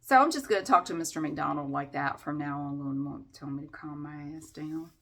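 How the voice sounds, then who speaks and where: A woman's voice: deep voice, fairly quick, gravelly, fairly bright tone. A middle-aged Southern woman ranting in a vlog, sarcastic and profane as she vents. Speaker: vlogger.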